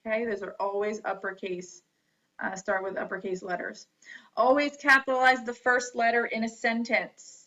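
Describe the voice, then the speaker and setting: Slow, bright-voiced woman teaching grammar. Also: a little high. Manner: deliberate, spelling words out letter by letter. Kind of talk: slow classroom lecture on grammar. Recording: dull lo-fi recording.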